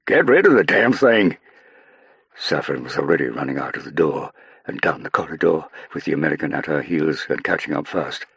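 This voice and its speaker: A man reads an audiobook in a measured, even storytelling voice. His voice is extremely low, with a husky grain. The recording is dry and close, with no room around it. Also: no echo. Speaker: audiobook narrator. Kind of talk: scripted narration.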